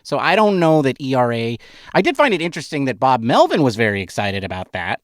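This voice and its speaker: Wry skeptical middle-aged podcast host. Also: male voice, mid-range voice, sing-song, quick pace, dry recording, clean studio sound. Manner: skeptical, wry, playfully contrarian. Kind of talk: casual sports podcast chat.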